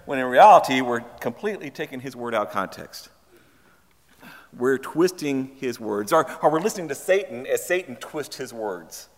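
A man's voice: medium pitch, lively intonation, moderate pace, in a large hall. A man preaching a sermon in a church, speaking conversationally and pressing the congregation with pointed questions. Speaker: pastor.

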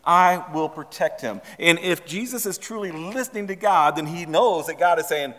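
A man's voice: fairly high pitch, moderate pace, pushed and bright, long reverb tail. A man preaching a sermon in a church, speaking conversationally and pressing the congregation with pointed questions. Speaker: pastor.

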